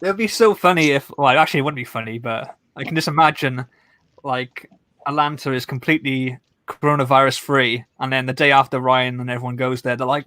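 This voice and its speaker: A man's voice: medium pitch, steady tone, sharp tone, no echo. A man co-hosting a livestream, chatting casually and rambling from one joke to the next. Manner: rambling, playful, quick to joke. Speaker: livestream co-host. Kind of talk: casual group chat on a livestream.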